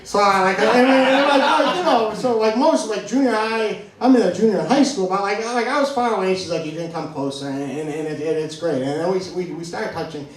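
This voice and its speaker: A man's voice: sits high, fairly quick, hardly any pauses, a little hiss or hum. A man from New England doing stand-up, telling a rambling story full of "like" and restarts, laughing at himself. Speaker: stand-up comedian. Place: comedy venue stage. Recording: echoey room heard from far off.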